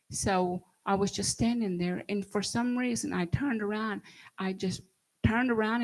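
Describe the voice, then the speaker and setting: Low, gravelly woman recounting quietly. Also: low-quality recording. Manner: halting, hushed and earnest. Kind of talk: recounting a personal story.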